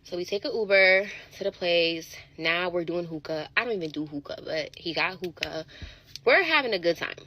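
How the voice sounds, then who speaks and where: A woman telling a dating story in casual, animated chat. She curses and acts out what people said. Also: fairly low pitch, normal speed, poor audio. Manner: animated, swearing, acts out quotes.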